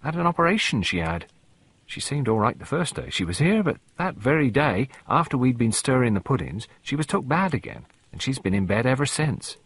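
A man voicing a chatty, old-fashioned female cook who rambles fondly about the old ways, in a husky voice. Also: medium pitch, big pitch swings, a little fast, a bit bright, pitched above the performer's own voice, heavily acted.

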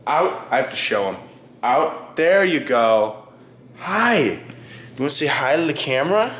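A young man chatting casually to his vlog audience at home, excitable and profane, scolding his dog. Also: mid-range voice, unhurried, roomy sound. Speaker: vlogger. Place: indoors, home kitchen.

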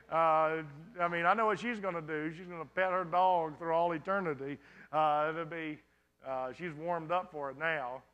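A male pastor works through questions from his congregation in a sermon Q&A. His voice sits high and bright, with a forceful edge. He keeps it conversational and often checks that the listeners follow him.

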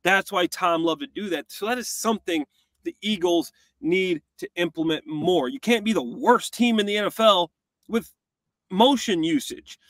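A man co-hosting a football tape breakdown, talking casually and acting out plays in quick quoted voices. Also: high-pitched, a bit bright, no echo. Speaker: co-host, former tight end.

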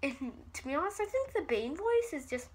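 A woman's voice: high-pitched, very animated, fairly quick, a little hiss or hum. A woman chatting casually in a vlog, rambling, giggly and self-deprecating. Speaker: vlogger.

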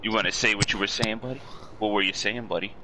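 A man's voice: on the low side, steady tone, fast, background noise. A young man making crude, brash jokes with friends while gaming. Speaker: gamer. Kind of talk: casual chat while gaming.

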